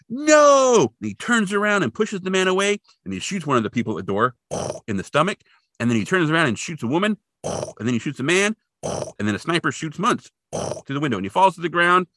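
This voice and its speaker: A man's voice: on the high side, sharp tone, dry recording, studio quality. A man co-hosting a podcast, casually recapping a TV episode and jokily acting out the characters' lines. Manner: jokey, acts out characters' lines in quick voices. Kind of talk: casual chat.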